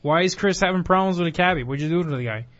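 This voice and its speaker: High-voiced man hosting a joking chat. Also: racing, a bit bright, muffled recording. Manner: joking, eager interjections, laughs often. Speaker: host. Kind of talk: casual chat.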